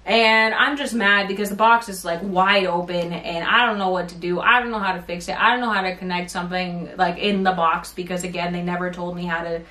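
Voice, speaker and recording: A woman's voice: lowish voice, fairly even intonation, fairly quick, hardly any pauses, pushed and bright. A young woman vlogger telling a rant-style story time, rambling and exasperated as she recounts what happened. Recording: roomy sound from a bit off mic.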